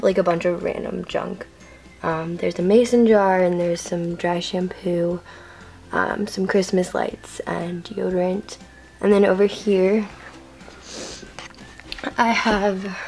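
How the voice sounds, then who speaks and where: A woman's voice: fairly low pitch, vocal fry, darkish tone. A teenage girl giving a rambling, filler-heavy room-tour vlog to a handheld camera in her bedroom. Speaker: vlogger.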